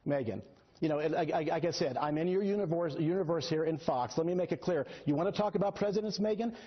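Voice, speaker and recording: Fast, husky man in a heated debate. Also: on the high side. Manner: excitable, sarcastic, talks over the host. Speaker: guest. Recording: dull lo-fi broadcast audio.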